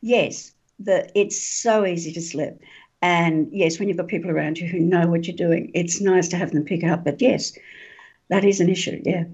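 A woman author being interviewed, an animated storyteller who laughs often and says um a lot. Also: fairly low pitch, normal speed, breathy edge. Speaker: author and guest. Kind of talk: interview talk. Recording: dull lo-fi sound.

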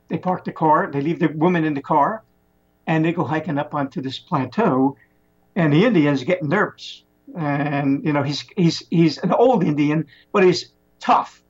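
A man telling a long story in a casual, rambling way, often restarting his words, on a muffled lo-fi recording. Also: a little high. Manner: rambling, animated retelling with many restarts.

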